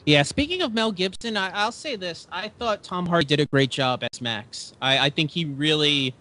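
A man's voice: a little high, lively intonation, moderate pace, sharp tone. A man hosting a casual podcast chat, steering the conversation with enthusiasm. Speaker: podcast host.

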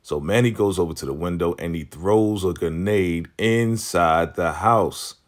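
A man giving a casual, animated recap of a TV episode, acting out the characters' lines as he goes. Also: deep voice, a little slow. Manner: animated storytelling, acts out quotes. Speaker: TV recap vlogger.

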